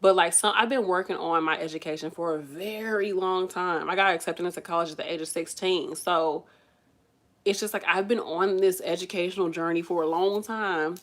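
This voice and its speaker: A woman vlogging casually to her viewers as a nursing student, venting in an animated way and calling them y'all. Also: lowish voice, normal speed. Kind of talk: casual chat to camera.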